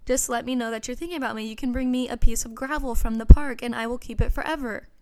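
Young woman, solo podcast host, chatty and gushing, slightly high and smooth voice, home mic. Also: steady tone, fast, mellow. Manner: chatty, earnest and gushing, with frequent "you know". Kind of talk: casual solo podcast chat.

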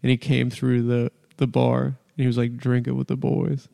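A man's voice: medium pitch, completely flat delivery, normal speed, creaky, dark tone, in a large hall. A man hosting a podcast, chatting casually and telling rambling, crude, comedic stories. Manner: rambling, storytelling, crude humor. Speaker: podcast host.

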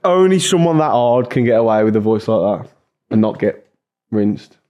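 A man's voice: lowish voice, expressive, normal speed, muffled recording. A young man, a podcast guest chatting casually, crude and joking, laughing often.

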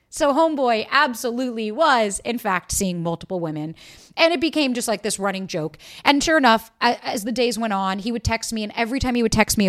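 A young woman hosting a podcast, telling a personal dating story in a candid, profane way and acting out quoted lines in lively voices. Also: mid-range voice. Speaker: podcast host. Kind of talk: casual storytelling monologue.

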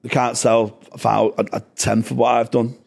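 A young man tells stories on a casual podcast. He talks bluntly and swears freely, and his voice sits at an ordinary middle pitch. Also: normal speed, vocal fry. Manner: sweary, blunt, animated storytelling. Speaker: stand-up comedian guest.

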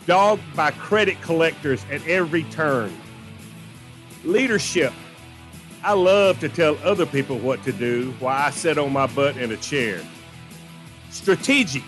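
A man hosting a radio show, casual chat, cracking deadpan jokes. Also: on the high side, measured pace, faint music behind. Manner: wisecracking, deadpan punchlines.

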